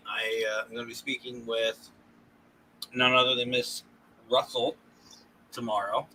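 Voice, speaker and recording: A man, a paranormal consultant guest, telling animated stories in casual podcast chat and laughing often. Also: medium pitch, a little slow, slight background noise, low-quality recording.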